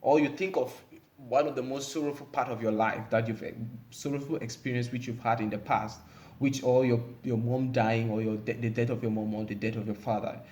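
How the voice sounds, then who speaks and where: A man's voice: medium pitch, steady tone, a little fast, darkish tone. A man giving relationship advice in a casual monologue, rambling and emphatic, with many fillers.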